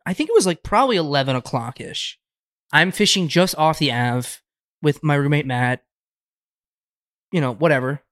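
Young dude cohosting a podcast, kinda high voice, jokey, swears a lot, dry mic. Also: male voice, animated, normal speed, pauses often, a bit bright, no echo. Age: young adult. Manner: joking, swears casually, chimes in. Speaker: co-host. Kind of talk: casual podcast chat.

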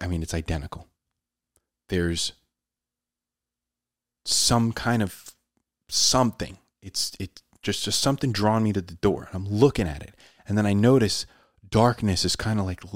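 A man telling a personal story in a casual, animated way, often saying "dude". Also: lowish voice, normal speed, pauses often, no room sound, studio quality. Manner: animated, says "dude" a lot.

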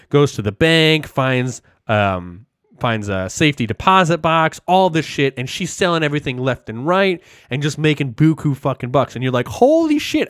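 A man recapping a movie in a casual podcast chat, animated and heavy on the swearing as he rambles through the plot. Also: fairly high pitch, no room sound, clean studio sound. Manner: animated, profane, rambling storyteller.

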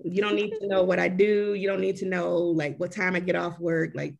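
A woman co-hosting a casual chat, telling a story in an animated way full of "like" and acted-out quotes. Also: fairly low pitch, fairly quick, vocal fry, dull audio. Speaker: podcast co-host.

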